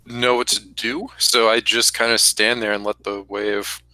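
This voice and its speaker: A man playing in a tabletop role-play game, speaking in a hesitant, halting way. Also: on the low side, level tone, bright, forceful tone, dry recording, rough recording. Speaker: player.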